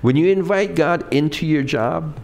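A man's voice: fairly high pitch, normal speed, creaky, a little mellow. A middle-aged male pastor giving a conversational sermon, asking the congregation questions and acting out quoted lines in different voices.

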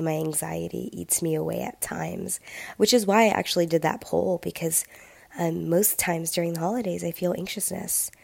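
A woman's voice: gravelly, a little mellow, dry recording. A young adult woman hosting a solo podcast, speaking earnestly and reflectively with a sick voice and many ums. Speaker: podcast host. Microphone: home podcast mic with difficulties. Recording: dry, close, low-quality audio.

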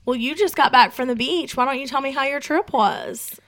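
A woman co-hosting a podcast, chatting casually in a relaxed, teasing way and swearing now and then. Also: high voice, moderate pace. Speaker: podcast co-host. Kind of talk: casual chat.

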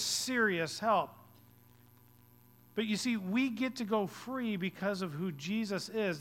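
A man preaching a sermon as pastor, swinging between hushed, low passages and loud, urgent ones.

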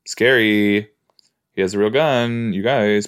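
Here a male podcast host with a lowish voice takes his time, talking a little slowly. He's casually reacting to something he's watching, joking around and talking back to the screen.

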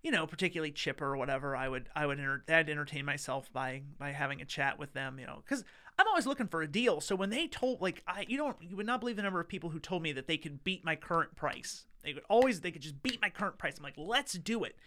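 A man's voice: a little high, lively intonation, fast, bright, forceful tone. A man telling a story in casual chat, rambling and wry with lots of fillers.

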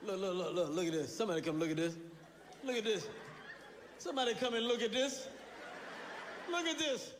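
A man's voice: high-pitched, brisk, long pauses, in a large hall, some chatter behind, slight background noise. A man who keeps laughing and repeating himself.

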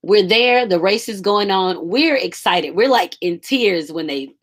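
A woman's voice: medium pitch, expressive, a little slow. A woman on the staff of a school, telling a personal story in a casual, emotional way with some swearing.

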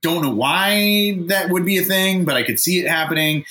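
A man's voice: high voice, moderate pace, pushed and bright, echoey room. A man co-hosting a casual podcast chat, stumbling over names, laughing at himself and swearing freely. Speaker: podcast co-host.

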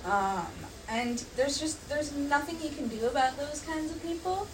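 A woman's voice: sits high, normal speed. Young woman, distant mic, faint noise. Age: young adult. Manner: animated storytelling, filler "um" and "like". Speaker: podcast guest. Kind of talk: casual chat.

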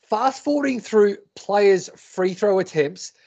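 Aussie guy with a high voice, banter and mock outrage, podcast audio a bit dull. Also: expressive, slow, dark tone. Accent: Australian. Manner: joking, mock-indignant banter. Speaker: podcast co-host. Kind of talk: casual sports chat.

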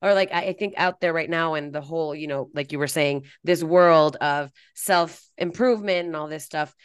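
A woman co-hosting a podcast, chatting casually with animated asides and frequent laughter. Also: sits low, normal speed, clear, resonant tone, dry recording. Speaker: podcast co-host. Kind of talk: casual chat.

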